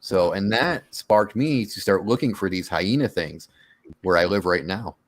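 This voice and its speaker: A man casually telling his own monster encounter story on a radio show, animated and acting out his own quotes. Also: low-pitched, a little slow.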